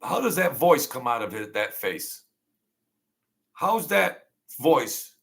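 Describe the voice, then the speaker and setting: Gravelly man, middle-aged, casual late-night host, slow and rambling, sharp-edged voice. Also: mid-range voice, very animated. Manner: rambling, reminiscing, jokey, with many fillers. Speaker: livestream host. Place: home.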